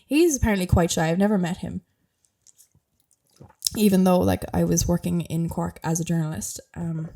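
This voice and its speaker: Gravelly-voiced Irish woman chatting. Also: fairly low pitch, moderate pace, pauses often, warm tone. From Ireland. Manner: chatty, rambling, lots of fillers. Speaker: podcast host. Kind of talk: casual solo podcast chat.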